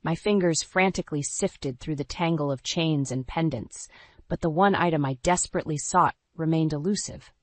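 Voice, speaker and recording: A woman narrating a scripted first-person story in a dramatic, even storytelling voice. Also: low voice, normal speed, no echo.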